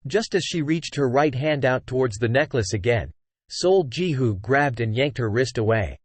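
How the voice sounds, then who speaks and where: A man narrating a fantasy novel as an audiobook, in a steady storytelling manner. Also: medium pitch, normal speed, no echo.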